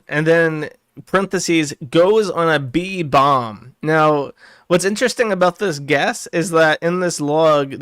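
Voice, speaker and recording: Smooth-voiced man chatting casually. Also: a little high, fairly bright tone, no echo, studio quality. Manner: rambling, crude, chuckling asides. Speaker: streamer. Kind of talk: casual reading and commentary.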